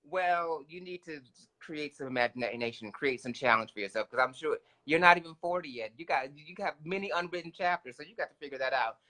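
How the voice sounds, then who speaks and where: A man co-hosting a casual talk show, giving lively advice and jumping in with quick asides. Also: a little high. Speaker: podcast co-host.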